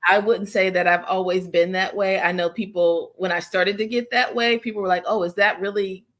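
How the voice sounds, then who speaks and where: Low-voiced woman, candid and reflective. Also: fairly even intonation, normal speed, a bit bright. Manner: candid, reflective, with frequent fillers. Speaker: guest. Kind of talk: casual conversation.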